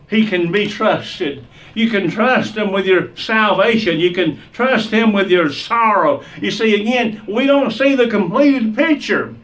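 A man preaches a sermon in a high, unhurried voice, building emphasis through repeated phrases. He sounds a little distant from the microphone. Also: fairly bright tone. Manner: emphatic, repetitive preaching cadence.

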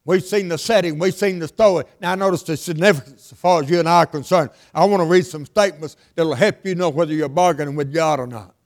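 An older man preaching a sermon, repeating lines for emphasis and swinging between loud and hushed delivery. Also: a little high, fast talker, hardly any pauses.

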